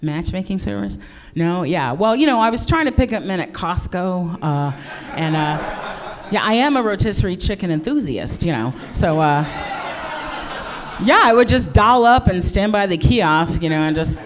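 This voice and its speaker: A woman's voice: fairly low pitch, lively intonation, normal speed. A middle-aged American woman doing live stand-up, brash and profane, mocking herself and playing to the crowd. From United States. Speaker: stand-up comedian.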